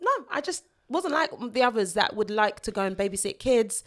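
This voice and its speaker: A Nigerian woman co-hosts a podcast, chatting casually in a reflective, heartfelt way and laughing easily. Her voice is fairly high and sing-song, at a moderate pace.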